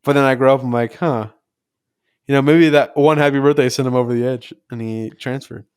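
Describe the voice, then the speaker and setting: A man's voice: medium pitch, steady tone, fast, a little mellow, smooth, no echo, studio quality. A young man co-hosting a podcast, telling rambling stories full of "like" and swearing freely. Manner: rambling storyteller, heavy filler "like", swears freely. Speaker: podcast co-host. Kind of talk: casual chat.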